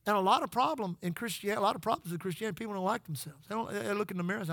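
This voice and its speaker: A man's voice: sits high, animated, rapid-fire, hardly any pauses, fairly bright tone, dry recording. A middle-aged man preaching a sermon, telling folksy stories and calling out to the congregation. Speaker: pastor.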